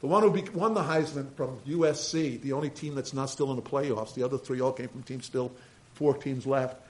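A man, a pastor preaching a sermon with animated swings between loud emphasis and quiet asides. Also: medium pitch, a little fast, low-quality recording.

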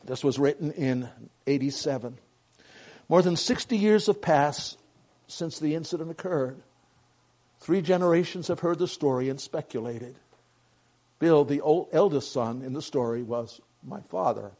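A man's voice: fairly high pitch, measured pace, warm tone. An older man reading a family story aloud, earnest and plain, with small slips and a moved tone.

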